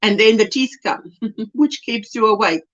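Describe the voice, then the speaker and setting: A woman's voice: a little high, a little slow. A woman hosting a casual livestream, chatting and reading out viewer comments with affection. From South Africa. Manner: reads chat comments aloud, chatty and affectionate. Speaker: livestream host. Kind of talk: casual chat. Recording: dull lo-fi stream audio.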